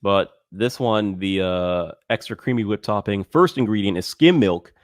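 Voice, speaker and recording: A man co-hosting a podcast in casual chat, reading ingredient labels aloud with halting fillers. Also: lowish voice, no echo, clean studio sound. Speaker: podcast co-host.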